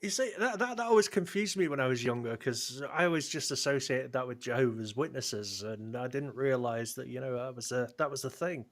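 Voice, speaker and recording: A man's voice: mid-range voice, a little fast, few pauses. A man guesting on a podcast, chatting casually about a film with dry quips.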